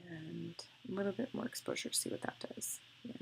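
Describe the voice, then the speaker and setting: Young woman with a low, gravelly voice, casual tutorial host. Chatty and gushing, thinks aloud while editing. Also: brisk, slight background noise. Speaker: photographer demonstrating photo editing. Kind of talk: casual screen-recorded tutorial.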